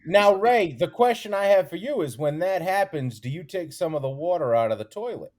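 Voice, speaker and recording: Animated man telling a story. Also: high voice, fairly quick. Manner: storytelling, teasing. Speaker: co-host. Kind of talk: casual comedy podcast chat.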